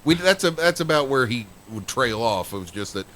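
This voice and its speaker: A man's voice: mid-range voice, lively intonation, fairly quick, a bit bright, slight background noise. A man co-hosting a podcast, telling a story in a rambling, casual way. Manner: rambling storyteller with fillers and restarts. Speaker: podcast co-host.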